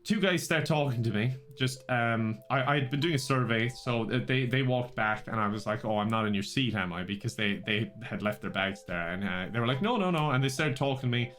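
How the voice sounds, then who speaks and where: A man with an Irish accent telling a casual anecdote on a stream, rambling, animated and often cutting himself off. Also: medium pitch, moderate pace, few pauses. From Ireland. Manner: rambling, animated, self-interrupting.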